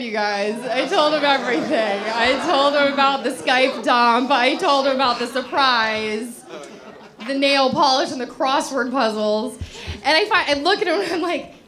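A woman with a high-sitting voice tells a funny personal story to a live audience, animated and breathless, often laughing as she acts out her own thoughts. She's a comedic storyteller from Los Angeles.

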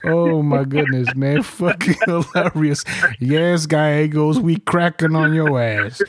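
A man's voice: a little high, takes it slowly. A man in his forties from New York, a veteran hosting a podcast, telling stories with lots of laughter and swearing. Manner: animated storyteller, laughs often, swears freely. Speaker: podcast host, Marine veteran. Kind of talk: casual chat.

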